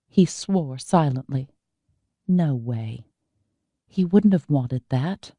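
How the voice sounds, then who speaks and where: A woman reads an audiobook in an even, measured way, her voice very low and mellow. She takes her time, and the recording is dry and close. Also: dry recording. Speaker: audiobook narrator. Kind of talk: scripted audiobook narration.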